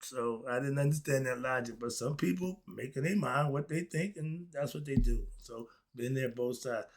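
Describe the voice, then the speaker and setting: Gravelly-voiced older man musing casually. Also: medium pitch, normal speed. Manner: emphatic, laughing asides, swings loud and soft. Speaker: commentator. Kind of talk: casual monologue.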